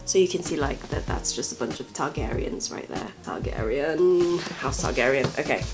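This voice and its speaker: A woman's voice: very deep voice, expressive, moderate pace. A woman in her twenties from California, talking playfully in a put-on British accent and enunciating carefully while she has a cold. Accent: put-on British English over American. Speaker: vlogger. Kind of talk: casual vlog chat, reading aloud. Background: background music.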